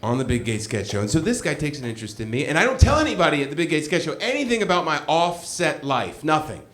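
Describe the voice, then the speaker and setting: Slightly high-pitched and quick, a middle-aged man entertains a live audience with a humorous story from his own life. His delivery is animated and self-mocking, with the other people's lines acted out in their voices.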